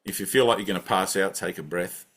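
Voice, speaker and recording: With a deep, slightly bright voice edged with breathiness, a man speaks at a moderate pace. As a spiritual teacher he leads a satsang talk and guided breathing, conversationally asking "right?" often.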